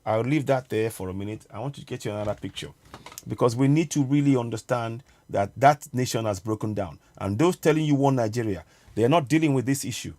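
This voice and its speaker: A man hosting a political livestream, his voice pitched around the middle for a man. He hammers his points with repeated phrases and talks straight to the viewers. Every so often he breaks off to fumble with a clip on his screen. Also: dark tone. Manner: urgent, repetitive, addresses viewers directly; pauses to fumble with on-screen media. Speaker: online show host.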